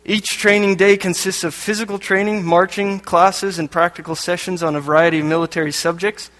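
A man from Canada delivers a sermon with a fairly high voice, reading passages aloud and dropping dry jokes in between. His voice rings out with a long reverb through a church hall. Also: steady tone, fairly quick, fairly bright tone. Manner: joking asides between read passages. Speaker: lay preacher.

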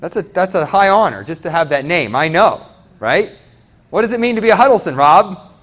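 Animated high-voiced man preaching. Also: brisk. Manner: animated, questions the congregation directly. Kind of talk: sermon. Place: church.

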